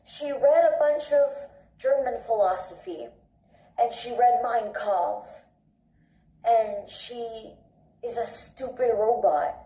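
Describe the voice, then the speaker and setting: A woman rants in halting bits at a very slow pace, and her tone is mellow and dark. The recording has a roomy echo. She sounds distant from the microphone. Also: mid-range voice.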